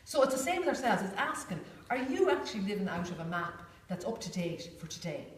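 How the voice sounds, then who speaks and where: A workshop facilitator with a mid-range voice leads a group in a large, echoey room, talking fairly quickly with big swings in pitch. She's chatty and informal, often saying "you know" and doing little voices. A distant room mic captures her, with faint hiss.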